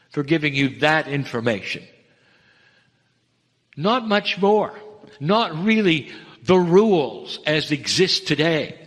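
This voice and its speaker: A man delivering a channeled spiritual message, measured and earnest, addressing listeners as dear ones. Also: on the high side, a bit bright. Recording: long reverb of a hall.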